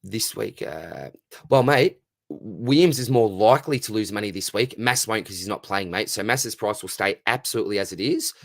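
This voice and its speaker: A man's voice: on the low side, animated, normal speed, gravelly, no room sound, clean studio sound. Friendly Australian man hosting a live Q&A. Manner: matey, friendly, reads chat questions aloud and answers warmly. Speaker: live stream host answering fantasy football questions. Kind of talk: casual live stream Q&A.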